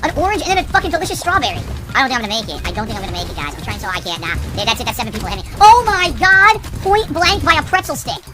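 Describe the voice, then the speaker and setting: High-pitched, fast woman game streamer who yelps and swears, over clear music. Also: sing-song. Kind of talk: live gameplay streaming.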